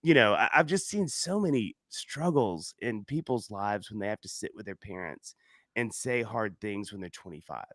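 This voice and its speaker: A man's voice: lowish voice, animated, normal speed, fairly bright tone, no echo, clean studio sound. A man hosting a casual conversation who tells stories with lots of laughter and acts out the people he quotes in raised voices. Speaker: podcast host.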